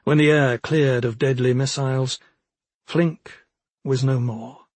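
A man narrating a fantasy audiobook in a husky voice, with measured, even storytelling. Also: medium pitch, no room sound.

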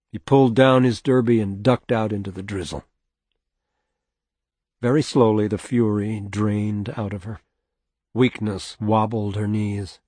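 A man narrating an audiobook in measured, even storytelling. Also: on the low side, no room sound. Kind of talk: scripted narration.

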